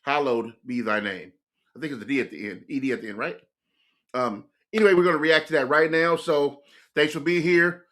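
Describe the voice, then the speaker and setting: A young man hosting a music reaction, chatting casually in an excitable, rambling way full of "like". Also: fairly high pitch, fairly quick. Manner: excitable, rambling, fills speech with "like".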